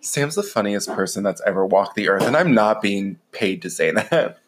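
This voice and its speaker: A man's voice: on the low side, expressive, moderate pace, background noise. A man co-hosting a podcast in casual chat, giggling often and full of "like" fillers. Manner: giggly, chatty, lots of "like" fillers. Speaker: podcast co-host.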